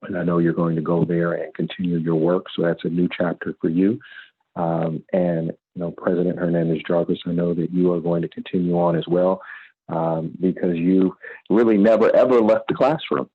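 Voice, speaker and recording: A man school board trustee speaking over a video call in a measured, halting way, with frequent fillers. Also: low-pitched, little pitch movement, husky. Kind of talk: farewell remarks at an online board meeting. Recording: tinny phone-like call audio.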